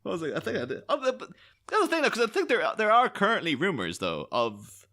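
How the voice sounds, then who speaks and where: A man's voice: high voice, huge pitch swings, fast, sharp tone. A man co-hosting a podcast, chatting casually and rambling with lots of restarts. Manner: rambling, enthusiastic, many restarts. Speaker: podcast co-host. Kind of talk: casual film podcast chat.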